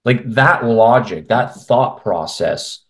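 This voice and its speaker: A man's voice: mid-range voice, animated, slow. A man speaking as a guest, a men's health coach, chatting bluntly and with strong opinions in long rambling runs over a video call. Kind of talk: casual interview conversation. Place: at home in Canada.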